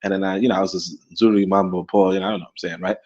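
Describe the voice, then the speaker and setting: A Caribbean-born man co-hosting a casual talk show, rambling and animated, with many restarts and laughs. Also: deep voice, racing, muffled recording. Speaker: podcast co-host. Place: in Africa.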